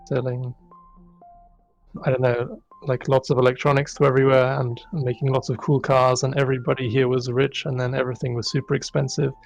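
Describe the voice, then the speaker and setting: A man being interviewed in a casual live stream, with deadpan humor and frequent laughs. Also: medium pitch, gravelly, poor audio. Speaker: interview guest, asset developer.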